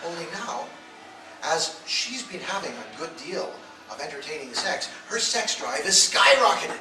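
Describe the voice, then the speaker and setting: A man with a fairly high, very animated voice talks unhurriedly to a live audience in an event hall, telling blunt, provocative stories and acting out the voices in them. An audience member's phone camera caught it from far off, so the sound is echoey and the background noisy.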